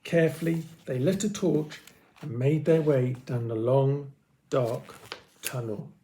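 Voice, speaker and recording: A man reading a children's story aloud with expressive, dramatic pauses. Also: medium pitch, a little hiss or hum.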